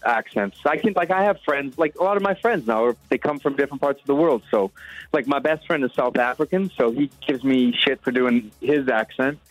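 A man's voice: medium pitch, a little fast, no room sound, soft background music, rough recording. A man, a singer guesting on a radio show, talking in a chatty, self-mocking way. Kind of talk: casual radio interview.

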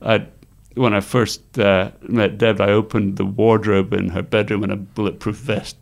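Low gravelly man telling stories. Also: normal speed. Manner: animated anecdotes, laughs often, acts out quoted voices. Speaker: interview guest, screenwriter. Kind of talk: storytelling in conversation.

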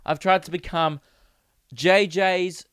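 Joking young Australian man, crisp voice. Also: sits high, fairly even intonation, takes it slowly, fairly bright tone, dry recording, studio quality. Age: 20s. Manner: rambling, jokey and crude, laughs often. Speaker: podcast host. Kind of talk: casual solo podcast chat. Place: home recording setup.

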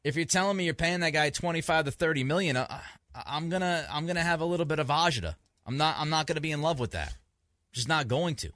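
A man's voice: fairly high pitch, fast, fairly bright tone, no echo, clean studio sound. A man hosting a sports talk radio show, emphatic and grumpy from too little sleep, often restarting his sentences. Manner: emphatic, repeats himself in restarts.

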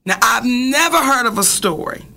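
A woman hosting a podcast, telling a story in an animated, casual way and swearing freely. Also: on the high side, normal speed, gravelly. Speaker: podcast host.

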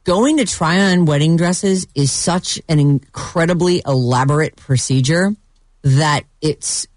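A woman co-hosting a morning radio show with quick reactions and wry humor. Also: low-pitched, a little mellow, dry recording. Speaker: radio co-host.

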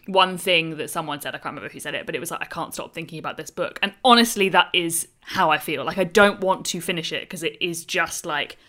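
A woman from England talks as a podcast guest in a relaxed, gushing way, often breaking into laughter. Her voice is bright and forward, sitting a little low in pitch. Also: fairly quick, few pauses. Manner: enthusiastic, chatty, laughs often. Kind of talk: casual chat.

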